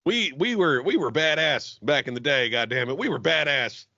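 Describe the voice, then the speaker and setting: A man co-hosting a podcast in casual chat, loud and laughing, swearing a lot. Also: fairly high pitch, lively intonation, normal speed, vocal fry, no echo. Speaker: podcast co-host. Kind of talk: casual profane banter. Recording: dull lo-fi dry recording.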